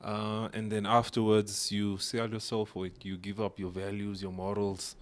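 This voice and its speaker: A low-voiced man talks in a loose group podcast. He is earnest, wanders as he goes, and fills his sentences with "like" and "uh". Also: monotone, moderate pace. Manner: earnest, rambling, lots of "like" and "uh". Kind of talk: casual podcast chat.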